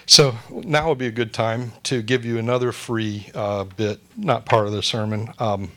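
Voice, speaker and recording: A man delivers a sermon in church, his voice sitting in an ordinary middle pitch. He mixes quick jokes into plain teaching, then goes soft and hushed when he turns to prayer. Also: fairly even intonation. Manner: joking asides, drops to a soft hush for prayer. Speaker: pastor.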